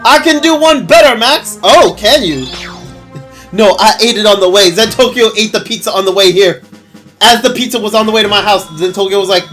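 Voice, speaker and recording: A man with a high, bright voice chats casually with his viewers while playing a game. He gushes, gets excited easily and laughs often, with faint game music running underneath. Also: brisk. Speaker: streamer. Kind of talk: casual gameplay stream chat.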